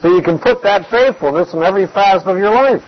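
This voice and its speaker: Man teaching Scripture on dull lo-fi audio. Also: sits high. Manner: measured, emphatic teaching with repeated key phrases. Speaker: Bible teacher. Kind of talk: expository Bible teaching.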